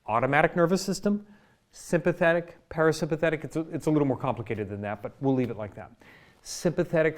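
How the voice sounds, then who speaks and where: Chiropractor explaining, casual and chatty. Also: male voice, a little high, quick pace. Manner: conversational, explains with examples and frequent "right?" and "okay?". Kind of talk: educational health talk to camera. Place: his office.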